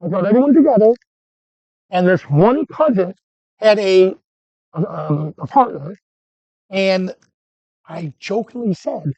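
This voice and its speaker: A man teaching photography who tells animated, joking stories and keeps breaking off and restarting his sentences. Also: high voice, slow, long pauses, dry recording, muffled recording. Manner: animated anecdotes, self-interrupting, joking. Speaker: photography instructor. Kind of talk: storytelling during a workshop lesson.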